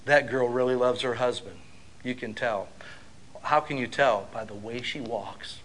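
Bright-voiced male pastor preaching. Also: medium pitch. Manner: conversational storytelling that builds to loud preaching. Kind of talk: sermon.

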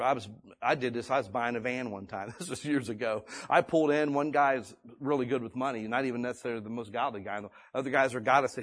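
A male pastor preaching a sermon in a folksy, conversational way, swinging between loud and hushed delivery. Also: medium pitch. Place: church or meeting room.

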